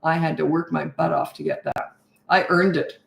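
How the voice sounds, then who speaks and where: A woman's voice: low-pitched, flat delivery, moderate pace, vocal fry, roomy sound. A middle-aged woman coaching parents in a live Q&A, giving blunt, no-nonsense advice with rhetorical questions. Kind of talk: live Q&A, answering viewer questions.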